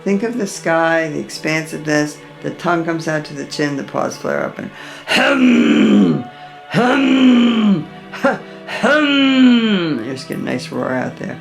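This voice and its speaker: A woman teaching a guided chakra meditation, giving slow, soothing instructions between chanted mantras. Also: deep voice, fairly even intonation, gravelly, soft background music.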